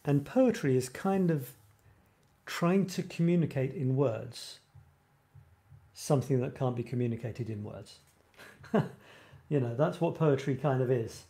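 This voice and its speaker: He speaks unhurriedly, with long pauses, in a mellow mid-range voice as host of a creative writing show. It's a rambling, casual live-stream chat in which he often cuts himself off mid-sentence and laughs at his own expense.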